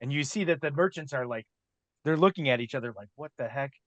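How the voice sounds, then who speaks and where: A man's voice: on the high side, lively intonation, fast talker, a bit bright, no room sound, muffled recording. A man narrating a tabletop game as game master, talking casually with lots of fillers.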